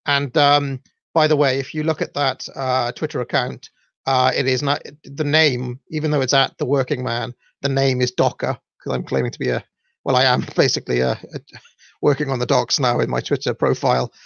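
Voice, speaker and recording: A man's voice: mid-range voice, level tone, moderate pace, gravelly, fairly bright tone, dry recording, muffled recording. A Welsh man hosting his own show, talking casually and rambling with many fillers and self-deprecating asides. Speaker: podcast host. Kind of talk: casual solo livestream talk.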